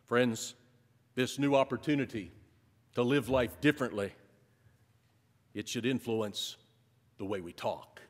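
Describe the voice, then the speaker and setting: A male pastor preaching a sermon, building to emphatic repeated phrases and then dropping to a soft close. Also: medium pitch, measured pace, pauses often. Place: church sanctuary. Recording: long reverb of a large hall.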